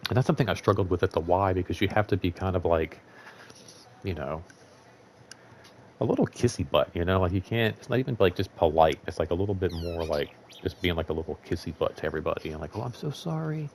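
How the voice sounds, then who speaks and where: Deep-voiced man rambling casually. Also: fast, darkish tone, slight background noise. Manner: rambling, filler-heavy, candid and profane. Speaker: show host.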